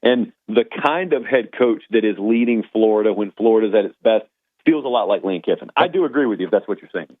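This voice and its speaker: A man's voice: fairly low pitch, lively intonation, quick pace. A man calling in as a college football analyst, giving his take in a thoughtful, agreeable way. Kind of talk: sports talk interview. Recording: phone line call-in.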